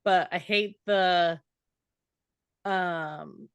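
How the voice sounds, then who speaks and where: A woman's voice: lowish voice, unhurried, no room sound, studio quality. A woman co-hosting a casual book podcast, recapping chapters, reading passages aloud and swearing casually. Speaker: podcast co-host.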